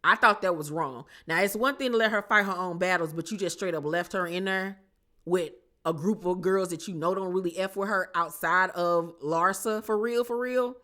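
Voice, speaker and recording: A woman's voice: fairly low pitch, moderate pace. A woman casually recapping a reality show on her channel, chatty and slangy, acting out what people said. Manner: animated, chatty, slangy, acts out quotes.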